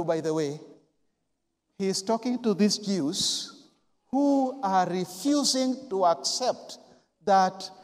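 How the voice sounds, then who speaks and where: Man, pastor, sermon, very high voice, slow unhurried delivery, emphatic repetition, long church hall reverb. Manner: emphatic, repeats key words, swings from quiet to loud.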